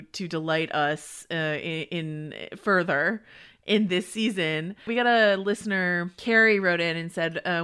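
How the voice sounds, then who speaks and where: A woman hosting a podcast, chatting about a TV episode with quick asides and frequent laughs. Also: lowish voice, pushed and bright, smooth. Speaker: podcast host. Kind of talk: casual TV recap chat.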